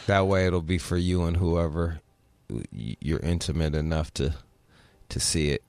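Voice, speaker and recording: This middle-aged man co-hosts a casual podcast, chatting bluntly, swearing often and mimicking voices in his anecdotes. His bass voice is steady and darkish, with vocal fry and a measured pace.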